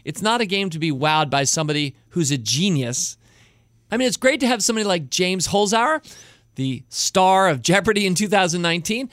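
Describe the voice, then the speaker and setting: A man's voice: sits high, lively intonation, fairly quick, a bit bright, no echo, clean studio sound. A middle-aged man hosting a podcast, chatting enthusiastically with rambling asides. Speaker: podcast host. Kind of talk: casual podcast chat.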